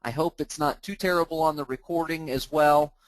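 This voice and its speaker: Casual man walking through software on screen. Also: on the high side, steady tone, a little fast, dry recording, poor audio. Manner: casual, narrates his clicks, often restarts words. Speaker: host of a mortgage training group. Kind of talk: live screen-share software walkthrough.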